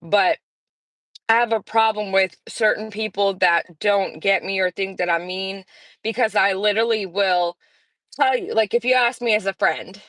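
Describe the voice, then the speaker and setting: A woman's voice: medium pitch, moderate pace, fairly bright tone, dry recording. A woman in her forties hosting a livestream, talking in a casual, blunt and sarcastic way, rambling with lots of fillers. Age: 40s. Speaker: livestream host. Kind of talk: casual chat.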